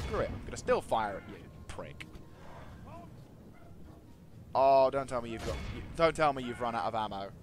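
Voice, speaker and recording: A man giving casual commentary over a strategy game, talking to his units and swinging from quiet mumbles to excited shouts. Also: mid-range voice. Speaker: gaming video host.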